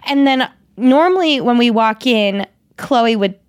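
A young woman co-hosting a podcast, telling a story in lively casual chat and acting out quotes with squeals. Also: on the high side, unhurried, no room sound. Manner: animated, acts out quotes in a squealing voice. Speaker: podcast co-host.

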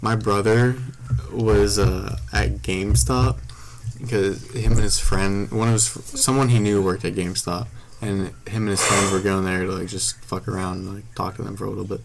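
A man's voice: on the low side, little pitch movement, normal speed, gravelly, a little hiss or hum. A man co-hosting a podcast, telling crude stories in a rambling way with lots of fillers. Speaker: podcast co-host. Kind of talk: casual chat.

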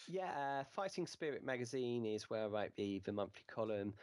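A man's voice: medium pitch, animated, normal speed, darkish tone, no room sound. A man being interviewed on a podcast, answering at length in a hesitant way full of fillers and hedging words. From United Kingdom. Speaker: podcast guest, wrestling writer.

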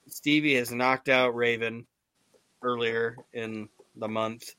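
Male podcast host, mid-pitched, swearing and rambling with excitement, dry close sound. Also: no room sound. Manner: profane, enthusiastic, rambling with restarts. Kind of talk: casual wrestling podcast chat.

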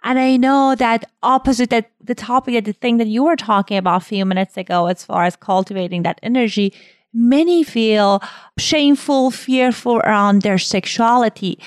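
A woman hosting a podcast, asking her guest questions in a searching, halting way with fillers. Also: fairly high pitch, clear, resonant tone, no room sound, clean studio sound. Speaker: podcast host. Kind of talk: interview questions.

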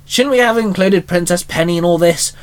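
A small, slangy bat companion chatters along in a raised, lively voice, put on by a man reading aloud. He rattles his lines off quickly and cheekily, a storybook sidekick. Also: sits high, clean tone, natural voice. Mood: wondering.

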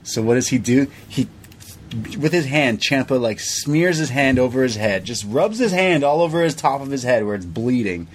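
A man co-hosting a podcast, retelling events in a casual, animated way and acting out what people said. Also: mid-range voice, moderate pace, a little hiss or hum. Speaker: podcast co-host. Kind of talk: casual recap chat.

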